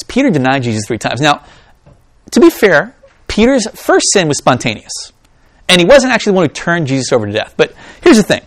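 A man's voice on the high side comes through clean studio sound with no echo. As a pastor, he reads scripture aloud and then addresses his congregation in an animated, joking way, adding asides along the way.

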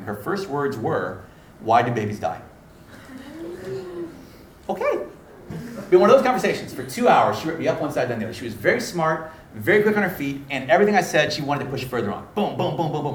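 A man preaching a sermon, telling a story and acting out the dialogue in an animated way. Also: medium pitch, slight background noise. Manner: animated, acts out dialogue with laughter. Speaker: pastor. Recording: echoey room, mic at a distance.

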